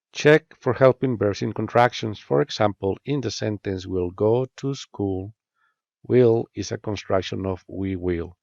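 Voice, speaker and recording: A man teaching an English grammar lesson, reading example statements and questions in a measured, scripted way. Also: lowish voice, creaky, a little mellow, no room sound. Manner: measured, reads statement and question pairs with careful rising intonation. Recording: dull, lo-fi dry voice-over.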